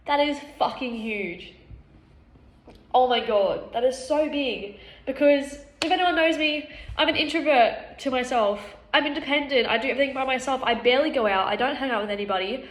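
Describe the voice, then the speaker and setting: A woman speaks to camera in a blunt, unguarded monologue about herself, swearing freely and laughing often. Her voice sits a little high. The room around her is noticeably echoey. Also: moderate pace. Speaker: vlogger. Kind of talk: candid self-reflective monologue.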